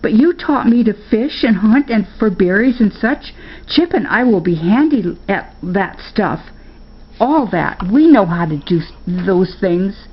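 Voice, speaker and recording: A woman's voice: medium pitch, animated, unhurried, highs cut off, a little hiss or hum, lightly acted. An older woman voicing an eager young boy who earnestly pleads in old-fashioned rustic speech, in a storybook reading.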